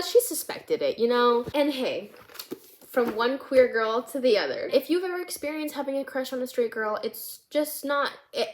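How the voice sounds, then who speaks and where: A woman's voice: high voice, fairly bright tone. A young woman vlogger, bubbly and giggly, casually talking through her movie script with lots of fillers. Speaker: vlogger and screenwriter.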